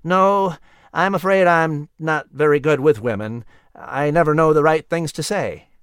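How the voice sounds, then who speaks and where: A man's voice: a little high, a little slow, fairly bright tone, smooth, no echo, clean studio sound, voice pushed up. Man doing a shy, stiff young scholar. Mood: reserved. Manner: stiff, reserved. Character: shy, bookish young gentleman, stiff and modest. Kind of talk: storybook reading.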